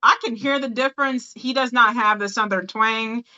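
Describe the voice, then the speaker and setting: Podcast host from the American South, bright tense voice, slightly muffled mic, animated and laughing. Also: female voice, a little high, moderate pace. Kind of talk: casual chat.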